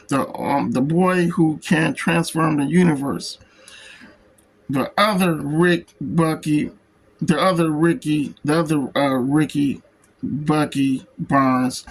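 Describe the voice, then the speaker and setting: Guy reading a comic book out loud, kinda high voice, slow and stumbly on the words. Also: a little hiss or hum, poor audio. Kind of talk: reading a book's text aloud.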